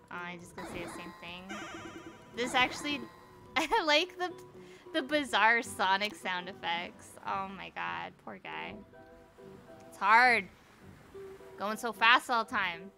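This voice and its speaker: A young woman streaming from home, chatting casually over gameplay, excitable and swearing freely. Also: medium pitch, a little slow, vocal fry, over music. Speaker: live streamer. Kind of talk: casual live gameplay commentary.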